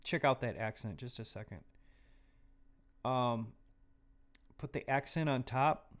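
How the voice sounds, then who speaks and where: A man talks slowly and unhurriedly as he hosts a live mixing tutorial from a home studio. His delivery is casual and chatty, and he keeps slipping into quiet, muttered asides as he works. His voice sits at a middling pitch. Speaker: livestream host teaching music mixing.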